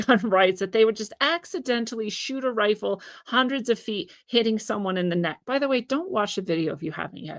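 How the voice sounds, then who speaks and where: A woman giving an opinionated solo commentary, indignant and sarcastic, hammering her points with emphasis. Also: on the high side. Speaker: political commentator.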